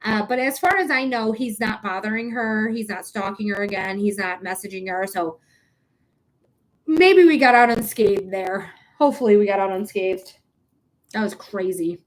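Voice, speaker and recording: A woman's voice: mid-range voice, normal speed. A woman chatting on a live stream as a psychic reader, rambling and frank, swearing freely as she talks straight to viewers. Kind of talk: casual live-stream chat.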